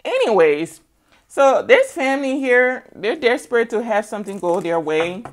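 A woman's voice: fairly high pitch, big pitch swings, moderate pace. A middle-aged woman giving a casual tarot reading, sassy and teasing, repeating words for emphasis. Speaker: tarot reader.

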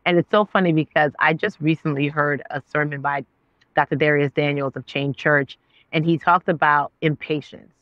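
A woman in her thirties telling her story as a guest, voicing her own past dialogue with God. Her pitch leaps up and down as she acts it out. The sound is dry and slightly dull. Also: fairly even intonation, normal speed, dry recording. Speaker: guest, actress and author. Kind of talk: animated storytelling.

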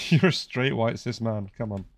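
A young man with a British accent talks loosely with friends over a game. He teases, jokes and curses often. His pitch sits in the middle for a man. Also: measured pace, vocal fry, no echo. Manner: teasing, swears freely. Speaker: streamer. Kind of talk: casual gaming chat.

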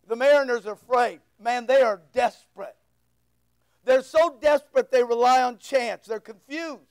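A man's voice: very high voice, moderate pace, clean tone, low-quality recording. A man preaching a fervent sermon from the pulpit, firing off rhetorical questions and pressing points home with emphatic repetition. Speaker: pastor.

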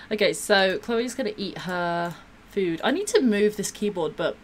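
A woman's voice: medium pitch, slight background noise. A woman gives bubbly, gushing live-stream commentary while she plays a game, gasping and laughing often.

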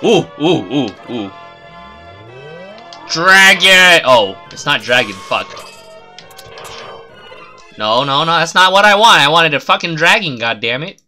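Lively, bright-voiced cursing game streamer man. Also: a little high, measured pace, pauses often, faint music behind. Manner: profane, exasperated running commentary. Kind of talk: live-stream gameplay commentary.

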